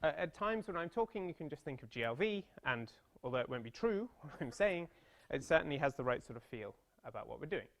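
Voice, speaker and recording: Very animated and fairly quick, with a voice a little on the high side, a thirty-something British maths lecturer presents a seminar talk in a seminar room. He chats easily, pokes fun at himself, and drifts into playful anecdotes.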